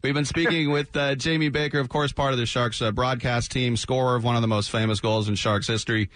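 A man hosting a sports talk radio show, animated and jokey, often slipping into quick mock voices. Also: mid-range voice, no room sound. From San Francisco Bay Area. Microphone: studio microphone.

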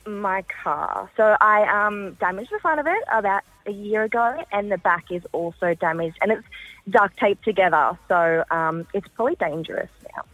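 A woman's voice: medium pitch, normal speed, fairly bright tone, dry recording, soft background music, low-quality recording. Hesitant woman caller. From Australia. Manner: hesitant, with many ums. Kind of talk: phone-in call.

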